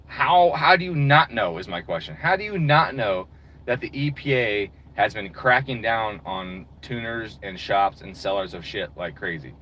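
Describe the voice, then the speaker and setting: A man's voice: mid-range voice, a bit bright, rough recording. A man delivering a heated, profane, exasperated rant as a channel host. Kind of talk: profane ranting monologue.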